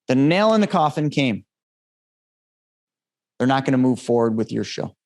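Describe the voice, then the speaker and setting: A man hosting a podcast, telling an emotional personal story in an earnest way, dropping his voice low at the heavy moments. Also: a little mellow. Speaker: podcast host.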